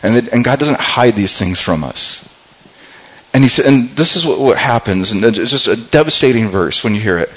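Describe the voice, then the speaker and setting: Male pastor, sermon, earnest storyteller, mid-pitched, repeats words. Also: expressive, moderate pace, fairly bright tone, slightly rough, low-quality recording.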